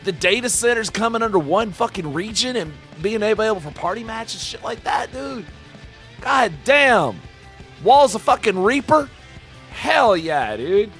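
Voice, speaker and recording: A man live-streaming, talking with chat in a loud, profane, hyped-up way and dropping into quieter, heartfelt asides between whoops. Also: sits high, very animated, a little slow, faint music behind. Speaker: live-streamer reacting to game announcements. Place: home streaming room with shelves of games.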